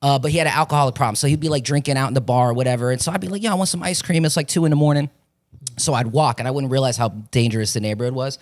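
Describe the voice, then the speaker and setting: A young man from Florida talks fast and loose in a casual chat, swearing freely as he tells his stories. He acts out the other people's voices as he goes. His pitch sits mid-range for a man. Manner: rambling storytelling, profane, acts out voices. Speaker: podcast guest, actor.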